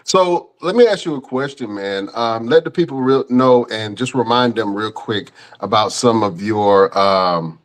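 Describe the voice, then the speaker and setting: A middle-aged podcast host, telling a story in casual chat with slangy asides. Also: male voice, fairly low pitch, animated, measured pace, few pauses.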